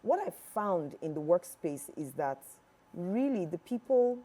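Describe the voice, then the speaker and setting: Animated Nigerian woman, mellow low voice. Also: a little slow. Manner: animated, acts out quoted voices. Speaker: guest public speaking trainer. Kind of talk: conversational interview answers.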